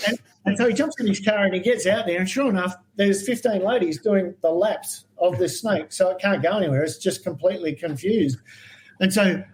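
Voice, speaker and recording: An Australian man tells stories in a podcast chat, his voice sitting a little high. He brings people to life by acting out what they said, and keeps the tale rolling. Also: a little fast, slight background noise, rough recording. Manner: animated anecdotal storyteller, acts out quoted voices. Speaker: guest herpetologist. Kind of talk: storytelling in a podcast interview.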